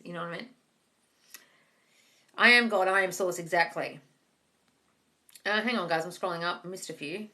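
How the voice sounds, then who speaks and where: A woman's voice: on the low side, pushed and bright. A woman hosting a live-stream Q&A as a manifesting coach, reading viewer comments aloud and replying bluntly, calling everyone darling. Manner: blunt, swears casually. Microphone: phone.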